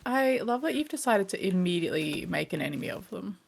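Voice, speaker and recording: A woman's voice: medium pitch, lively intonation, fairly quick, vocal fry, husky. A woman playing a co-op survival game with her partner, chatting casually in a playful, joking way. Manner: playful, laughs easily. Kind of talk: casual gameplay chat.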